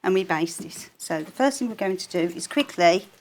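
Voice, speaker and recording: A woman's voice: fairly low pitch, lively intonation, moderate pace, a little hiss or hum. Chatty woman demonstrating a sewing project. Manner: chatty, jokey, explaining step by step. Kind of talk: live craft demonstration.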